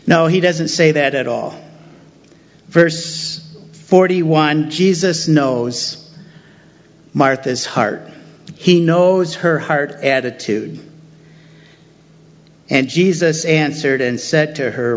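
A man's voice: medium pitch, slow, muffled recording. A man preaching a sermon, who repeats key phrases for emphasis. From United States.

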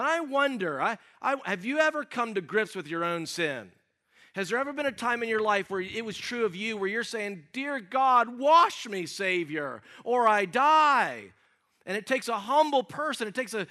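A middle-aged man preaching with a bright, forceful tone and a voice pitched a bit high for a man. He swings between hushed, slow asides and loud, emphatic cries when he acts out the prayers he quotes. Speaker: pastor. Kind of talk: sermon.

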